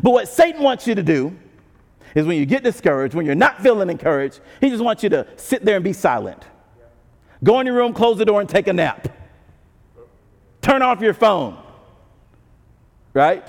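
Guy preaching, chatty and lively, pretty high voice, long reverb like a big hall. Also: normal speed, pauses often. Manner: conversational, animated preaching with asides. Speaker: pastor. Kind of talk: sermon.

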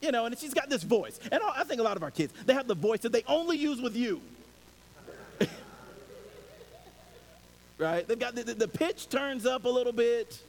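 A man preaches a sermon in a casual, storytelling way, acting out little scenes. His voice sits high and swings widely in pitch. The hall adds a long reverb and a faint hiss. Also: normal speed, long pauses. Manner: animated and conversational, acts out scenes. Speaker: pastor.

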